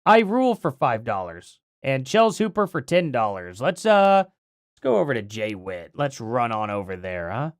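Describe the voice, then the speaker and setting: A livestream host talks casually and thinks aloud as they read, wandering from one point to the next. The voice is starting to go and the pitch swings up and down a lot. It sounds close and dry, with no room sound. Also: sing-song, moderate pace, dry recording. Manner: rambling, thinks aloud while reading.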